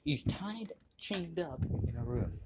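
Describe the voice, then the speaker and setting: A young man casually retelling a fan story, halting with restarts and frequent throat clearing. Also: a little high, lively intonation. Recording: noisy home recording.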